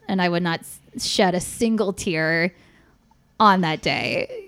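A woman's voice: mid-range voice, unhurried, clean tone. A young woman chatting casually as a podcast guest, frank and swearing freely, with lots of fillers.

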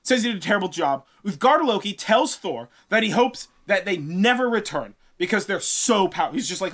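A man's voice: high voice, lively intonation, brisk, hardly any pauses, fairly bright tone. A man retelling a myth in a casual, slangy podcast storytelling style, laughing along. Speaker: podcast host.

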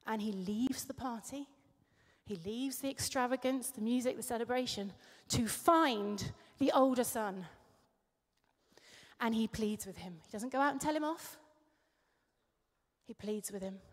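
A woman's voice: fairly high pitch, a little slow, pauses often. A woman preacher giving a sermon, telling stories with self-deprecating humour. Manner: warm storytelling, laughing at herself. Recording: echoey hall.

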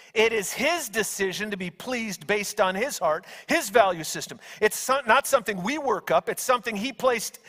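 A man preaching a sermon, telling stories dramatically and raising his voice at key moments. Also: very high-pitched. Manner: animated storytelling, acting out angels with shouts. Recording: long hall reverb.

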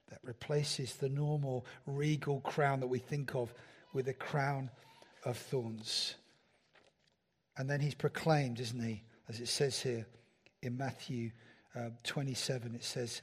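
A man's voice: mid-range voice, breathy edge. A man preaching a sermon in a church, talking conversationally and asking the congregation rhetorical questions. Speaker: pastor.

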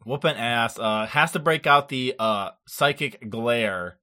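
A podcast host chatting in a relaxed, rambling way, mid-pitched and full of fillers. Unhurried, conversational delivery. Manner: laid-back, rambling, many fillers. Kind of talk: casual chat.

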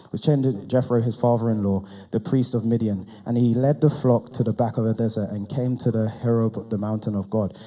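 A young adult man of medium pitch preaches through his personal testimony, starting animated and working up to a loud, impassioned pitch.

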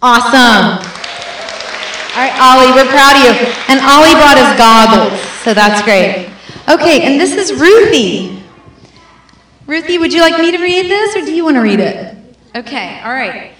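A woman's voice: high-pitched, animated, normal speed, pauses often, a bit bright, some chatter behind, a little hiss or hum. A woman leading a church baptism, speaking affectionately and encouragingly into a handheld microphone. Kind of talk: warm church address to a congregation. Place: large echoey church hall. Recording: very echoey hall from a distance.

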